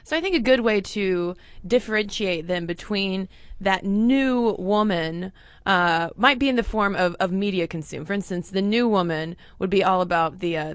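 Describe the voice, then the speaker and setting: Relaxed woman podcast co-host, lower voice. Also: clean tone, no room sound. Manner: laughs easily, thinks aloud with fillers. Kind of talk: casual history podcast chat.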